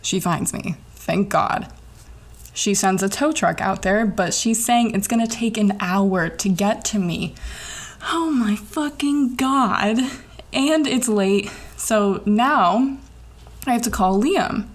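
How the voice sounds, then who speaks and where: A woman's voice: mid-range voice, slow. Chatty young woman telling a story. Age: young adult. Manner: animated, chatty, swears a lot, fills with "like". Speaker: podcast host. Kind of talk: casual personal storytelling.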